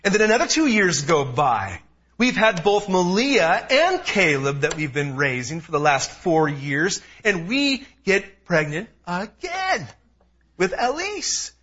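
Male pastor, thirties, high and husky, energetic sermon delivery. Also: a little slow. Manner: animated, emphatic preaching with personal asides. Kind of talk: expository sermon. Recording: dull lo-fi sound.

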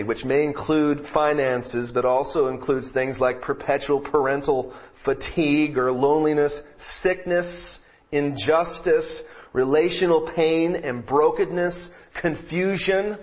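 A man's voice: on the high side, fairly even intonation, unhurried, few pauses, muffled recording. A man preaching a sermon as pastor to his congregation, reading scripture, praying and telling jokes. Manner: reads scripture, prays, then preaches with jokes. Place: church sanctuary with congregation.

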